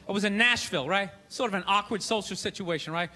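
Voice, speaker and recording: A man doing a stand-up routine on a comedy stage, ranting and incredulous, bursting into shouts. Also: high voice, fast. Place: comedy stage before a live audience.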